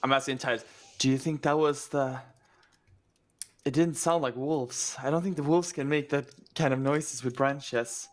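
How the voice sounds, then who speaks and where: A man plays a tabletop role-playing game and talks his character through step by step. He speaks in a chatty way, full of fillers and small hesitations, in a middle-pitched voice. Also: steady tone, normal speed. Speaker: player.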